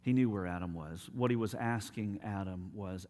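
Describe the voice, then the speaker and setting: A man preaching a sermon as pastor, telling stories and dropping to quiet, emphatic appeals. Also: fairly low pitch, moderate pace, hardly any pauses.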